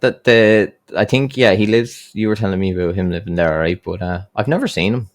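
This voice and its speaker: A man's voice: on the low side, fairly quick. A young Irish man chatting on a podcast, telling a story full of swearing and acted-out quotes. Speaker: podcast guest. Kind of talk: casual podcast chat, storytelling.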